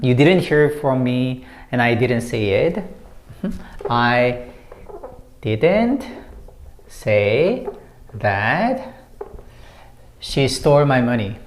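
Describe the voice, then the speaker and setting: Woman, English teacher, slow and patient, repeats key phrases, echoey room. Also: very deep voice, a little mellow. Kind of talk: explaining English usage to learners.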